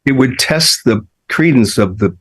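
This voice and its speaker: A man in casual chat cracking dark jokes in a deadpan way, recorded in a restaurant's wine cellar. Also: medium pitch, a little slow, slightly rough, poor audio.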